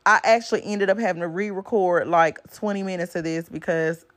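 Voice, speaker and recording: A woman's voice: fairly low pitch, steady tone, fairly quick. A woman with talks straight to her listeners, blunt and preachy, with swearing woven through her advice. She hammers each point home with a repeated "okay?" in a casual podcast monologue. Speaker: podcast host. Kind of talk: casual motivational talk.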